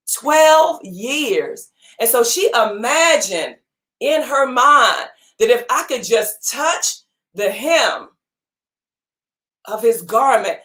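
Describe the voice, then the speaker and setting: A woman giving a motivational talk to her audience, preaching with repeated phrases for emphasis. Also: fairly high pitch. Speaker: motivational speaker and gym owner.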